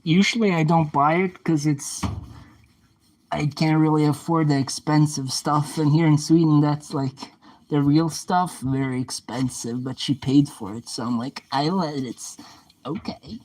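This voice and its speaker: A man's voice: fairly high pitch, fairly even intonation, measured pace, darkish tone, low-quality recording. A young man livestreaming casually, chatting back to viewer comments and playfully trash-talking an oven as he cleans it.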